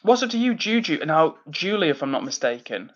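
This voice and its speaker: A man hosts a live stream from his home, reading out chat messages one by one and sending shout-outs. His voice sits a little high, and he keeps a cheerful, easygoing manner with lots of ums. The stream audio is dull and slightly lo-fi. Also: sing-song, brisk. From England, near Manchester. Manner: friendly, upbeat, lots of fillers and shout-outs. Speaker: livestream host reading chat. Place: indoors at home.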